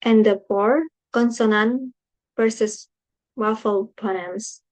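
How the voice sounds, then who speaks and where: A woman's voice: a little high, fairly even intonation, slow, darkish tone, rough recording. A young woman with an Indonesian accent, whose first language is Indonesian, reading a class presentation aloud carefully, with slips and restarts. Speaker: student presenting coursework.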